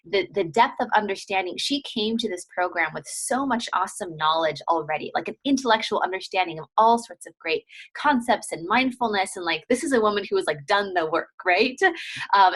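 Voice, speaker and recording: A woman lifestyle coach hosting an interview, upbeat and gushing, with frequent "like" fillers. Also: medium pitch.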